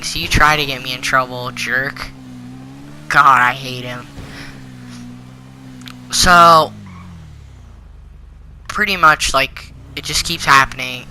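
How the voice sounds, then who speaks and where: Very bright teenage boy ranting. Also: a little high, a little hiss or hum, rough recording. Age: teens. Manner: indignant, rambling with many fillers. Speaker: channel host. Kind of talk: storytime rant.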